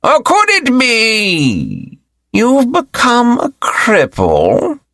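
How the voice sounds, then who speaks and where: A man voicing an arrogant old male sect elder who talks in a slow, mocking sneer. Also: very high voice, huge pitch swings, bright, forceful tone, no room sound, studio quality, voice pushed up, exaggerated voice.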